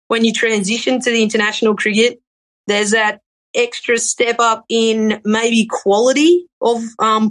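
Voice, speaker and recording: A woman's voice: mid-range voice, fairly bright tone. A woman cricketer, giving upbeat, chatty interview answers and often correcting herself mid-sentence.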